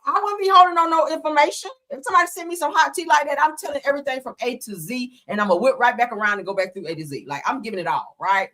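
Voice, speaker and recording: A woman hosting a casual gossip commentary show, sassy and animated, with slangy laughing asides. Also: medium pitch.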